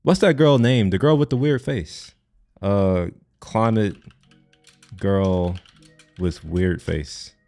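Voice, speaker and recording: Deep-voiced man rambling at his desk. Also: slow pace, darkish tone, faint music behind. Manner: rambling, jokey, swears casually. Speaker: live streamer. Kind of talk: casual live stream chat.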